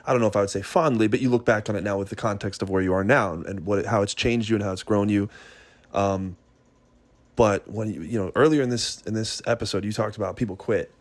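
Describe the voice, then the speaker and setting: A man's voice: lowish voice, quick pace, dry recording. A man hosting a podcast, encouraging and reflective, who talks in loose, trailing phrases. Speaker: podcast host. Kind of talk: casual podcast conversation.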